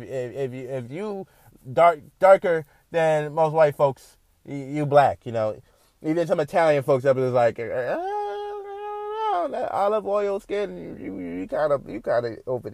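A man hosting a podcast, talking in a loose, animated ramble full of fillers. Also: a little high, dry recording. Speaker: podcast host. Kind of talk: casual monologue.

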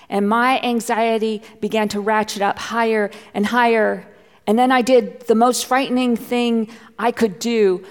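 A woman's voice: mid-range voice, long reverb tail. A middle-aged woman pastor preaching a sermon, telling a personal story with heartfelt feeling and sometimes dropping to a near whisper. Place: church.

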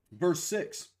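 A young man preaching a live-streamed sermon, a little hoarse from losing his voice, slowing down to stress key phrases and greeting viewers by name. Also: a little mellow.

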